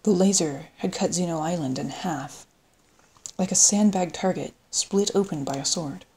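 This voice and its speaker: A woman reading an audiobook in steady scripted narration. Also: on the low side, normal speed, slight background noise. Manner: steady storytelling read.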